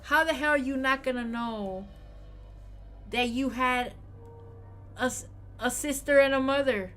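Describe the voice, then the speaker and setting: A woman's voice: sits high, unhurried, a bit bright, soft background music. A woman co-hosting a live stream in casual chat, blunt and emphatic as she rants. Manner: blunt, emphatic, ranting with repeated apologies.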